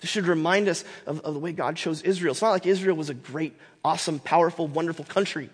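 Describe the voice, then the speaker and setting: High-voiced man teaching a Bible lesson. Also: fast, husky, in a large hall. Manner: animated, emphatic, frequent fillers and restarts.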